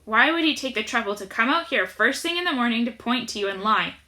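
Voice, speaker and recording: A gruff, suspicious farm boss barking orders and demanding answers, loud and raised, as a woman puts him on. The voice stays bright and a little high for a man, with a hard scolding edge in this storybook telling. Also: expressive, quick pace. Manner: yelling, demanding, scowling.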